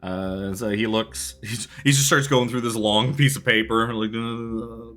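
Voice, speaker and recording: A man's voice: on the low side, steady tone, unhurried, few pauses. A man running a tabletop game as dungeon master, narrating in a casual, rambling way and laughing often. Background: soft background music.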